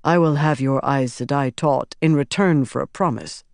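A narrator voicing a calm young man who speaks quietly and steadily. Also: mid-range voice, moderate pace, no echo, studio quality, lightly acted. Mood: grave.

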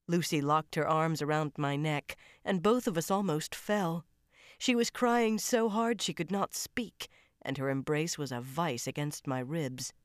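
A low-voiced woman reading a first-person thriller aloud, tense and dramatic. Her delivery is close and controlled. The recording is very dry, with no room sound. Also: no echo. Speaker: audiobook narrator. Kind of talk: first-person audiobook narration.

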